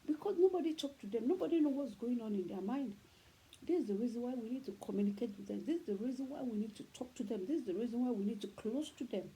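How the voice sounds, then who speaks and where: A woman's voice: fairly high pitch, expressive, fast, dark tone, slightly rough, poor audio. A middle-aged woman with a Nigerian Yoruba accent, giving earnest parenting advice and repeating her points emphatically, with faint background noise. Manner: repetitive, preachy, emphatic. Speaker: parenting talk host.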